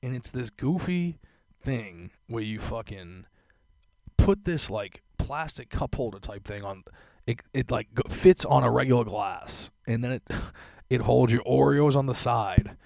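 Young guy ranting and cursing, laughs a lot, dry close mic, mid pitch. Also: measured pace, creaky, no echo. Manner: laughing, profane, animated storytelling. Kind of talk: profane casual rant.

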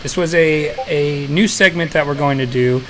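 A man's voice: a little high, moderate pace, fairly bright tone, a little hiss or hum, poor audio. A man hosting a podcast in casual chat, laid-back, with many fillers and frequent laughs. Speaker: podcast host.

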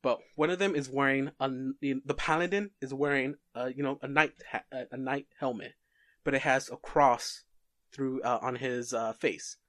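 A man casually pitching a fantasy story, halting often and restarting his sentences. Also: a bit bright, dry recording, clean studio sound. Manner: halting, many fillers and restarts.

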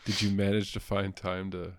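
A man's voice: low-pitched, completely flat delivery, normal speed. A man co-hosting a casual podcast, joking and rambling, swearing now and then. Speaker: podcast co-host.

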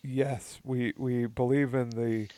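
A man argues back in casual podcast debate, often tripping over his words and restarting. His voice sits at a middle pitch. The recording is close and dry. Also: little pitch movement, slow, mellow, clean tone, no room sound. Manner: stammering restarts, pushes back. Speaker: podcast co-host. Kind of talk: political debate chat.

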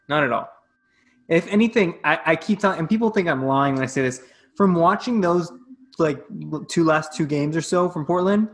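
A woman on a casual sports podcast, telling stories and giving confident opinions. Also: sits low. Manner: animated storytelling, confident. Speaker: podcast panelist.

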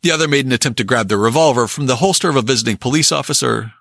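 Guy telling an old crime story, bright voice, kinda husky, dry close sound. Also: medium pitch, rapid-fire, no room sound. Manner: lively storytelling, quotes old newspaper accounts. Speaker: narrator. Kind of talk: scripted true-crime history narration.

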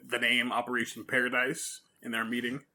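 A man in casual chat, easygoing, mostly short agreeing replies and quick remarks. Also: mid-range voice, completely flat delivery, sharp tone. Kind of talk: casual manga discussion.

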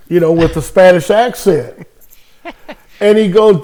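A man in his sixties from California, a former ballplayer, telling stories in a relaxed interview with lots of fillers and laughs. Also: high-pitched, normal speed. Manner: animated anecdote telling with frequent laughs and fillers. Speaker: podcast guest, former baseball player. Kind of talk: casual storytelling interview.

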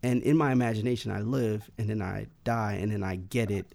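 Gravelly-voiced guy telling his story, rambly, lots of "like" and restarts. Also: on the low side, a little fast, a little mellow. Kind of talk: casual personal storytelling.

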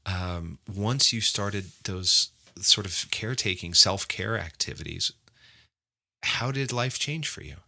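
A man's voice: fairly low pitch, lively intonation, a little slow, vocal fry, bright, forceful tone. A man co-hosting a podcast, asking questions and talking in an encouraging, reflective way. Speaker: podcast co-host. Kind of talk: casual interview chat.

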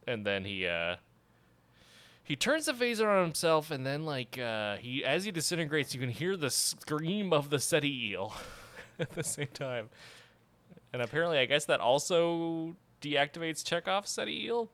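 A man's voice: mid-range voice, lively intonation, moderate pace, sharp tone, smooth, no room sound. A man co-hosting a casual movie discussion, rambling with many fillers and laughing often. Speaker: podcast co-host.

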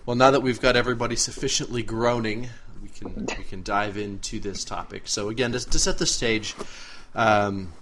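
A man's voice: fairly low pitch, fairly even intonation, normal speed, background noise. A man hosting a podcast in casual chat over a remote call, steering the conversation and laughing easily. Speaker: podcast host.

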